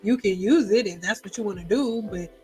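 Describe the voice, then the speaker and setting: A woman's voice: medium pitch, fairly quick, dark tone, faint music behind. A woman hosting a casual live stream about hair, chatty, blunt and joking.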